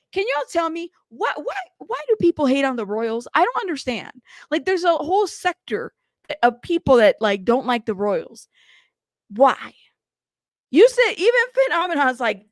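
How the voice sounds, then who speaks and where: A woman's voice: sits high, dry recording, clean studio sound. A woman hosting a casual livestream, chatting and reading viewer comments in a teasing, rambling way, cussing and laughing often. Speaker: livestream news host.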